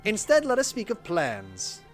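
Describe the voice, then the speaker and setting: A man's voice: high-pitched, huge pitch swings, measured pace, over music, pitched above the performer's own voice, heavily acted. A man reading as a stern princess commander. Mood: commanding. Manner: reads game dialogue aloud in a stern, formal tone.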